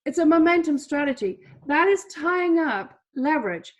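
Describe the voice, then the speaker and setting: A woman's voice: high-pitched, lively intonation, normal speed. A woman teaching a trading lesson over a shared screen, chatty, repeating herself, with many fillers. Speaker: trading coach.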